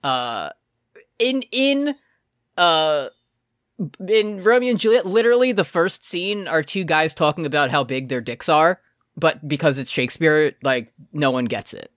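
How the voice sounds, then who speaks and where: A podcast co-host with a fairly high, slightly bright voice chats casually at normal speed, joking around and laughing often. The recording is dry and clean, with studio sound.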